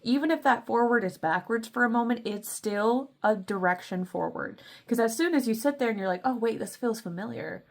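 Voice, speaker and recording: A woman's voice: on the high side, a little fast, few pauses. A woman giving a casual tarot and crystal reading in a playful, chatty way, calling her listeners baby. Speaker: tarot reader.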